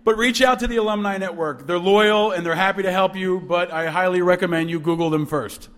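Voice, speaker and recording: A man with a high voice gives a speech to students. He tells stories with playful humor and acts out both sides of a phone call. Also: fairly quick, fairly bright tone. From New York. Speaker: alumnus speaker.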